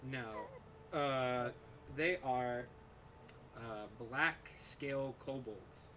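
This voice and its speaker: A man narrating as game master of a tabletop game, unhurried and hesitant with many fillers. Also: mid-range voice, pushed and bright, a little hiss or hum.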